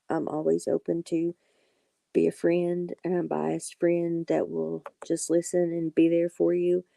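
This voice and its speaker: Gravelly, dark-voiced woman streamer. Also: on the low side, no room sound. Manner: reassuring, talks directly to viewers by name. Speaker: tarot reader hosting a live stream. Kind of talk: casual live-stream chat.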